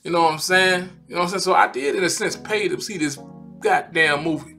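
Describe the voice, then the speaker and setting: A man rants in a loose, exasperated way, circling back to the same phrases again and again. His voice sits high and bright, and faint music plays softly underneath. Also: fairly quick, vocal fry. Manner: animated, exasperated, repeats "man" and "you know what I'm saying". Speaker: vlogger. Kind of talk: heated casual rant.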